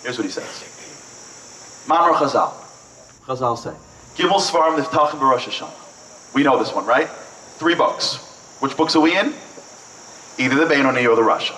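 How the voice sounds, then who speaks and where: A man delivers a motivational talk at a breakfast event, his voice swelling with emphasis as he acts out short exchanges. He sounds set back from the microphone, with a faint hiss of background noise under his middle-pitched voice. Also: lively intonation, fairly quick, pauses often, sharp tone. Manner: passionate, rising and falling with emphasis, acts out dialogue. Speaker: inspirational speaker. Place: event hall. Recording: distant mic with faint noise.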